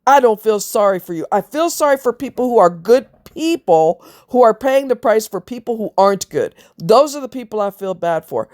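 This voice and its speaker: A woman's voice: fairly high pitch, animated, normal speed, hardly any pauses, a little mellow. Blunt, scornful woman ranting. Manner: mocks voices in quotes. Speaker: vlogger. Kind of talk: ranting monologue to viewers.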